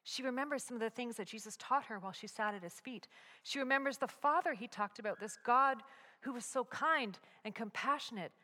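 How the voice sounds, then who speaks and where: A woman's voice: fairly high pitch, a little fast. Woman telling a story in a long-echoing hall. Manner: expressive, swings from hushed whispers to loud climaxes. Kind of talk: dramatic storytelling narration.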